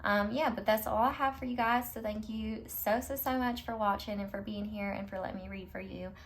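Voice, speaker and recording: A woman's voice: medium pitch, fairly even intonation, brisk. A woman tarot reader speaking straight to her viewers in a pick-a-card reading, reassuring and affirming.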